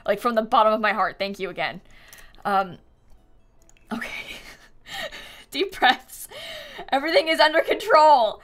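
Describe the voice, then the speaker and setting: A woman's voice: on the high side, big pitch swings, normal speed, pauses often, fairly bright tone. A woman live-streaming a life-sim game, chatting casually, thinking aloud as she builds and thanking viewers by name with frequent giggles.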